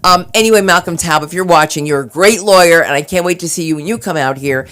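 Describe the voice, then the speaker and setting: A woman from New Jersey with a New Jersey accent, doing an open-mic stand-up set on a club stage, telling chatty stories and breaking into loud voiced impressions. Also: lowish voice, fast. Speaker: stand-up comedian.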